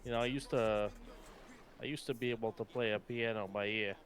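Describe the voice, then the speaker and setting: A man playing a laid-back ex-convict who rambles through dark jokes and dad jokes, stumbling over his words in live role-play. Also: mid-range voice, fairly even intonation, a little fast, faint music behind, natural voice. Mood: joking. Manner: rambling, stumbling joke-teller.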